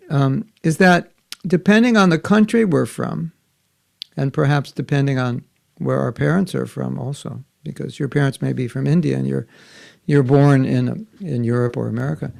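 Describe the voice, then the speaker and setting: An older man teaching children in an online class, gentle and patient, often asking them questions. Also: a little high, gravelly. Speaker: spiritual teacher. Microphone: video call.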